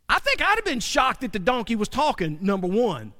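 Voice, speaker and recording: A man preaching, his voice pitched high for a man. He talks in a folksy, chatty way and keeps asking the congregation questions. The sound carries a long reverb, like a large hall. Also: huge pitch swings, fairly quick, sharp tone. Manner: folksy, conversational, asks the audience questions. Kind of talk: sermon.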